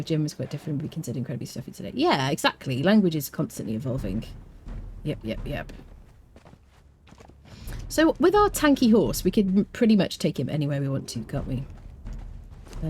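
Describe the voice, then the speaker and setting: A Scottish woman chatting playfully to viewers as she plays and guides a game, with careful, clear enunciation. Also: low-pitched, very animated, a little fast, a little mellow, a little hiss or hum. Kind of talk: casual live-stream gameplay commentary.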